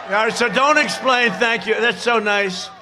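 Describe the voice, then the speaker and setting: A man with a high voice addresses a rally in a boastful, sarcastic, rambling way. A big crowd roars and cheers around him. The sound is noisy throughout. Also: normal speed. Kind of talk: campaign rally speech. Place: large rally venue.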